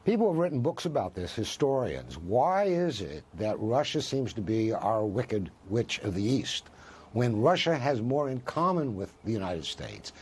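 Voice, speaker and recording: A man's voice: medium pitch, big pitch swings, normal speed, darkish tone, slightly rough. A man, a professor, speaking as a guest in a news interview, arguing with passion and rhetorical questions. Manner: impassioned, argues with rhetorical questions.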